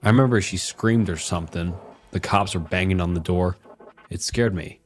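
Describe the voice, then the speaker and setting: A man acts out a drunk, violent husband with a lowish voice. He rambles crudely, swears freely and boasts in self-pity. Faint music sits under the telling. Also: moderate pace, lightly acted. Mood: bitter, rambling. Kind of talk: horror story narration.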